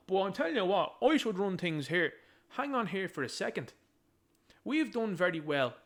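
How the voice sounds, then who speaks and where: A man's voice: a little high, fairly bright tone. An Irish man delivers fired-up political commentary in a slightly raised voice. He is combative and emphatic, and he leans on repetition to drive each point home. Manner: emphatic, combative, repeats key phrases.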